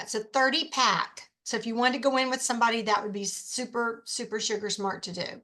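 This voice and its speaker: Woman, high voice, chatty how-to host, enthusiastic, slightly hoarse. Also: normal speed, bright, forceful tone. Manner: chatty, enthusiastic, rambling asides. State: losing her voice. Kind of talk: casual how-to presentation.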